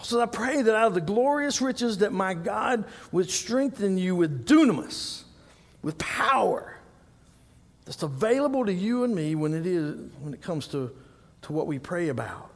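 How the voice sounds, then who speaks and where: A middle-aged pastor, preaching in a strikingly high voice. He tells lively stories and builds to loud, emphatic points. His voice rings out with a long reverb from the hall around him. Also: moderate pace. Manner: animated storytelling, laughing at his own stories, rising to loud emphasis. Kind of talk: sermon.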